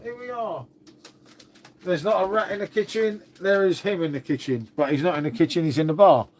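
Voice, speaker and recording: A man's voice: sits high, a little fast, a little mellow, a little hiss or hum. A man hosting a casual livestream, chatting to viewers and swearing freely as he talks to his dog. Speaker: livestream host. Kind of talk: casual live chat with viewers.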